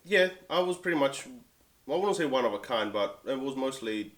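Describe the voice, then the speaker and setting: A man from Italy chats casually in an interview about what he collects. His delivery is relaxed and easily amused, built from loose, halting phrases at an ordinary pitch for a man.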